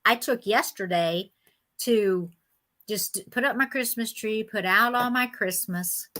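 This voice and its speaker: A woman with a Southern US accent hosts a live vintage sale stream, chatty, folksy, and quick to laugh. Her medium-pitched voice has a sharp tone and a measured pace.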